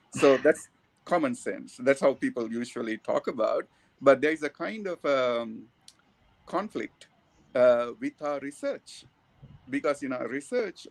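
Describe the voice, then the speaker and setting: A man from Sri Lanka with a Sri Lankan English accent, giving a thoughtful academic talk with many pauses and fillers. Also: mid-range voice, vocal fry, a little mellow, dry recording. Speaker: academic speaker.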